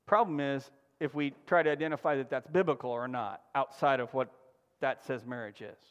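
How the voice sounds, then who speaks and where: A man preaching a sermon, emphatic and asking the congregation questions, swinging from loud exclamations down to a near-hush. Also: medium pitch, brisk, clear, resonant tone, big-room sound, muffled recording. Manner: emphatic, call-and-response preaching with sudden drops to a hush. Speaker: pastor.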